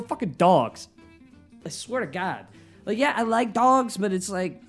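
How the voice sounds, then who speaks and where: A man hosting his own podcast from his living room, rambling and swearing, often flaring into yelling. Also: high voice, normal speed, soft background music. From United States. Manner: profane, rambling, flares into yelling. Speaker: podcast host and stand-up comedian. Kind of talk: solo podcast rant.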